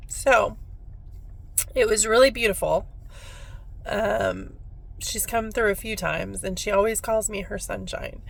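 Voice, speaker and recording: A woman's voice: medium pitch, fairly even intonation, unhurried, creaky, long pauses, husky. A woman who works as a spiritual medium, telling a personal story in a heartfelt, reflective way on her vlog.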